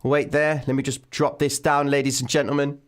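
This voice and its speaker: A man hosting a live trading stream from home, commenting excitedly on the market and calling his viewers ladies and gentlemen. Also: on the high side, brisk, clean tone. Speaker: trading livestream host. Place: home room, daughter present. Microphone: desk microphone.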